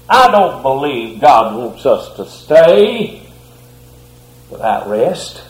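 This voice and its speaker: A troubled husband and father coaxing his wife to leave with him, earnest and repetitive, as a preacher acts him out. His man's voice sits on the higher side. The sound rings around an echoey room. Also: a little mellow. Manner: pleading, earnest, repeated coaxing. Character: worried husband and father pleading to move.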